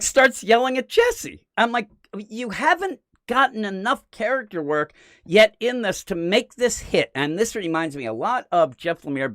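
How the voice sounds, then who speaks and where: A man co-hosting a comic book podcast, chatting casually, acting out characters in quick voices and swearing freely. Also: high voice, a bit bright, no room sound, studio quality. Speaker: podcast co-host. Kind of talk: casual comic review chat.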